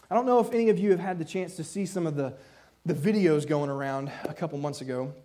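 A man with a fairly high voice preaching to his congregation. He tells a story in an animated way, acting out each person's voice as he goes, and his tone moves between gentle, hushed comfort and raised excitement. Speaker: pastor. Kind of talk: sermon.

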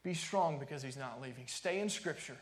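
A man's voice: medium pitch, fairly quick, roomy sound. A man preaching a sermon as pastor, emphatic and repetitive, sometimes dropping to a near-whisper.

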